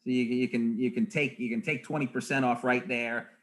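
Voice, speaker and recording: A man sits in on a casual weather talk as a forecaster, laughing easily and offering wry technical remarks. His voice sits at an ordinary middle pitch. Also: fairly even intonation, fairly quick.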